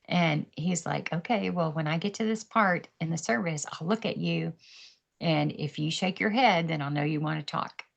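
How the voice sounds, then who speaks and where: Her low-pitched, gravelly voice moves at normal speed, and the audio sounds dull. Joining a podcast over a video call, this female guest tells her faith story openly, with frequent laughter and impressions of others.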